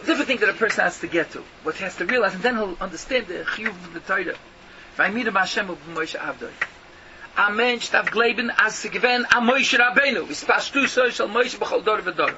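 Speaking in a high voice at a fairly quick clip, a rabbi delivers an emphatic yeshiva-style Torah lecture while a crowd can be heard in the background. He mixes Yiddish and Hebrew into a stream of rhetorical questions, and the audio is muffled, lo-fi, and noticeably noisy.

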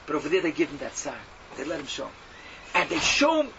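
A man giving a sermon to a class, mixing in Yiddish and Hebrew terms and swinging from hushed tones to loud exhortation. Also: a little high, very animated, quick pace. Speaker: Torah teacher. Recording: dull lo-fi audio from a distance with faint hum.

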